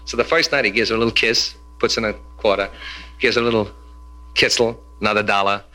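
A man doing stand-up comedy, telling quick jokes with Yiddish punchlines and slipping into character voices. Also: lowish voice, fairly even intonation, pushed and bright. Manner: rapid storytelling, drops into Yiddish phrases and character voices. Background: audience laughter.

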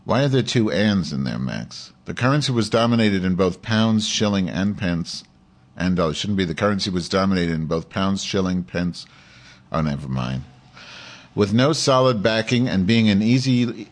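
A man's voice: lowish voice, expressive, normal speed. A man hosting a casual live show, reading a news story aloud, stumbling over words, swearing and trading sarcastic jabs with his audience. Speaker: show host.

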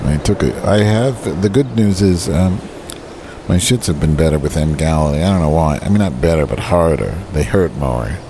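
Sitting on a park bench, a vlogger with a very deep voice delivers a rambling, profane rant full of complaints and self-pity. His intonation is lively and his pace moderate. Behind him you can hear birds and cars going by.

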